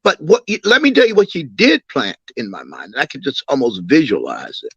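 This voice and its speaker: An older man, an imam and councilman, recounting family memories as an interview guest with an animated, storytelling manner. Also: mid-range voice, brisk, creaky, husky, no echo, muffled recording. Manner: animated storyteller, acts out quoted voices.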